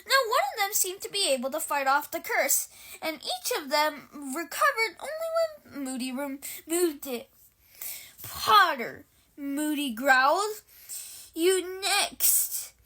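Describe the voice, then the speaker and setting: A woman reading a novel aloud in an expressive storytelling manner. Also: extremely high pitch, moderate pace. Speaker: reader.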